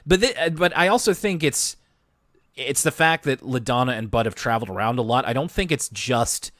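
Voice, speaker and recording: A man's voice: mid-range voice, lively intonation, fairly quick, fairly bright tone, no echo, clean studio sound. A man co-hosting a podcast in casual chat, agreeable and rambling, often restarting and stammering mid-sentence. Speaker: podcast co-host.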